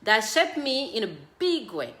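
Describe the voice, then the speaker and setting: Woman host talking parenting tips, bright higher voice, echoey room. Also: big pitch swings, unhurried. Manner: earnest, speaks directly to parents, mixes own stories with tips. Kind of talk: casual advice talk.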